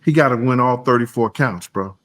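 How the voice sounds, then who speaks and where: A man on a casual reaction podcast, where he's a co-host, argues emphatically, goes over the same points, and tails off into low mumbling. He talks fairly quickly in a slightly bright voice.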